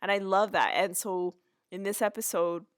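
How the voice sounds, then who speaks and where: A woman's voice: medium pitch, steady tone, moderate pace, dry recording, studio quality. A woman hosting a podcast, chattily recapping a TV episode with asides and restarts. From Canada. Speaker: podcast host.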